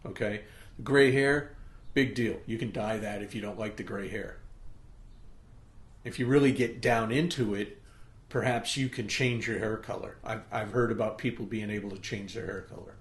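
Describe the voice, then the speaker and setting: With a lowish voice and fairly even intonation, a middle-aged podcast host speaks at normal speed in an echoey room. He's giving an emphatic, pep-talk-style motivational monologue, regularly punctuated by "okay?"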